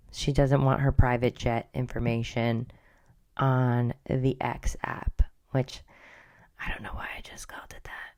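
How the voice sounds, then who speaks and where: A woman's voice: rumbling low, mellow. A middle-aged woman hosting a podcast, chatting casually and gossipily, often dropping into whispered asides. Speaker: podcast host. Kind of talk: casual pop culture chat.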